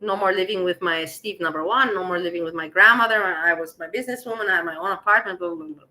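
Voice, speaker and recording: Bright-voiced woman telling a wild story. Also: fairly low pitch, fast, low-quality recording. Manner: animated, laughing, acts out quoted dialogue. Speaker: vlogger telling a personal story. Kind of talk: casual storytelling.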